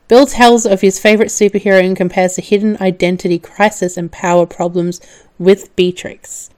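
A woman hosting a podcast, recapping a film casually, laughing often and swearing when excited. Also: mid-range voice, smooth. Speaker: podcast host.

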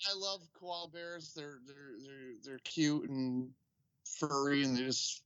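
A man co-hosting a podcast in casual banter, giggling and breaking into loud outbursts. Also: on the high side, fairly even intonation, slow, clean tone, no room sound, lo-fi sound. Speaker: podcast co-host.

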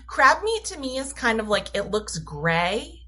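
A woman's voice: a little high, sing-song, unhurried, sharp tone. A middle-aged woman from Massachusetts, speaking with careful diction and laughing easily as a guest in casual chat. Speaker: guest, comedy writer.

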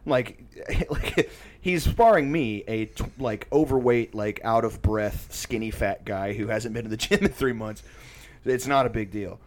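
A man's voice: fairly low pitch, measured pace. A man telling a casual, rambling story full of filler words and profanity.

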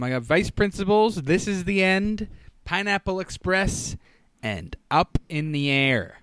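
A man's voice: high-pitched, expressive, a little slow, a bit bright, clean tone, no echo. A male podcast co-host in casual chat, playful and pushing silly bits.

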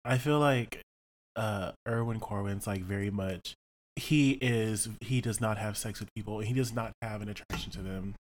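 Low-voiced man rambling at a game table. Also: normal speed. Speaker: player.

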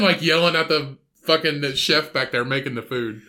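A man's voice: a little high, quick pace, sharp tone. A man co-hosting a podcast, talking in a profane, mocking, jokey way. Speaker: podcast co-host. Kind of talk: casual chat.

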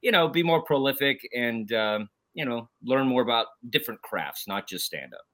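A man's voice: medium pitch, animated, normal speed, sharp tone. A man who is a stand-up comedian, the guest on a podcast, talking in casual chat and laughing through his stories.

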